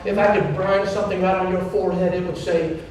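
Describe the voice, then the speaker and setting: A man's voice: high voice, little pitch movement, quick pace, darkish tone, slight background noise. A man from Wyoming preaching a sermon as a pastor, telling a story with passion and acting out other people's words. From Wyoming, United States. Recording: echoey hall from far off.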